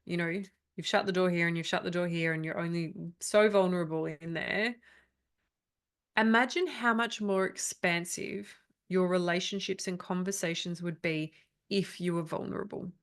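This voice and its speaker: Woman coach in her thirties, low gravelly voice, candid and chatty, online video call. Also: steady tone, moderate pace. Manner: candid, chatty, laughs often. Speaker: trauma coach. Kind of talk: live online workshop talk.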